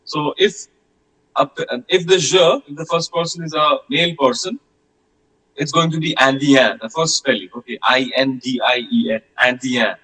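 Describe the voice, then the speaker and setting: Male teacher, bright, slightly high voice, online class, patient drills. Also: low-quality recording. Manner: patient, repeats words slowly for pronunciation. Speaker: French language teacher.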